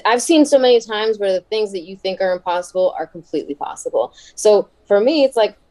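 A woman guest in a casual interview, chatty and quick to laugh, with many fillers. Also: medium pitch, expressive, a little mellow, low-quality recording. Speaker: wrestler and podcast guest.

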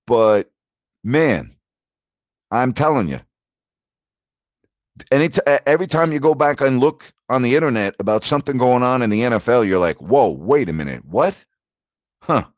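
A man's voice: mid-range voice, normal speed, pauses often, no echo, dull audio. A man hosting a sports talk show, ranting in disbelief about the latest league news. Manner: animated, incredulous ranting. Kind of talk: sports talk radio monologue.

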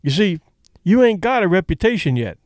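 A gruff boxing manager who coaxes and defends his fighter in a storybook scene, as a man puts him on. His voice moves through wide ups and downs. The sound is dry and close. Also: sits high, very animated, brisk, dry recording, voice pushed up. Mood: coaxing. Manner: defensive and coaxing.

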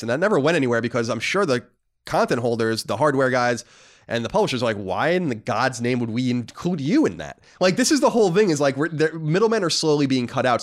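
A man co-hosting a casual podcast, talking emphatically and rambling with quick restarts. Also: medium pitch. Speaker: podcast co-host.

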